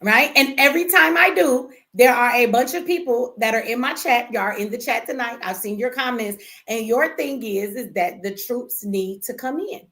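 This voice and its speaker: A woman's voice: fairly high pitch, normal speed, few pauses, a bit bright. An American woman hosting a livestream, talking casually to her chat in a brash, profane, teasing way and laughing often. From United States. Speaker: livestream host.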